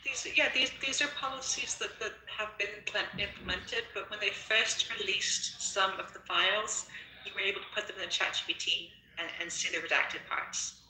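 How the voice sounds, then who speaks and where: Assured woman explaining, bright tone. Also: medium pitch, normal speed, reverberant, a little hiss or hum, low-quality recording. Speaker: participant in an online audio room. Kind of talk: casual discussion.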